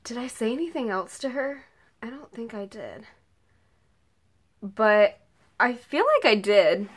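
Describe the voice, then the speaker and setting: A teenage girl vlogger excitedly retelling a story in a casual, rambling way, saying "like" and "oh my god" a lot. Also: on the high side, unhurried, slightly rough. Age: late teens. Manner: gushing, rambling, heavy use of "like" and "oh my god".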